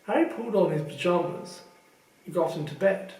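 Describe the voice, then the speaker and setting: A man reading a novel aloud in a measured, expressive storytelling manner. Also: sits high, reverberant, far from the mic, rough recording. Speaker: audiobook reader. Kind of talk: fan audiobook narration.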